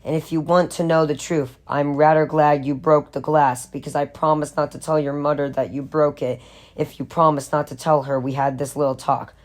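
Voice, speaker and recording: A woman's voice: deep voice, normal speed, lightly acted. Woman reading as a smug old pharmacist. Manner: calm, lecturing, patronizing. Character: older male pharmacist, smug and coldly manipulative. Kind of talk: audiobook reading.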